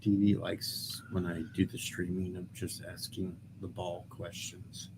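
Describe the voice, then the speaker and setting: Tired guy, super low and flat voice, quiet, noise in the background on a video call. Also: measured pace. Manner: quiet, subdued. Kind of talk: casual chat on a video call.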